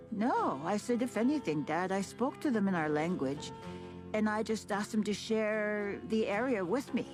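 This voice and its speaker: A woman's voice: medium pitch, animated, moderate pace. A woman telling a personal story, acting out the voices of the people she quotes. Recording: music bed under the voice.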